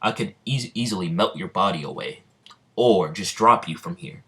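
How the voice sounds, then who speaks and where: A man's voice: sits low, normal speed, fairly bright tone. A man voicing a brash, boastful young male swordsman who taunts his rival. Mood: taunting.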